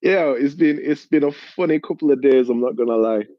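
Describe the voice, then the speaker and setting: A man telling an animated story in casual chat, swearing a lot. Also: medium pitch, brisk, muffled recording, background noise.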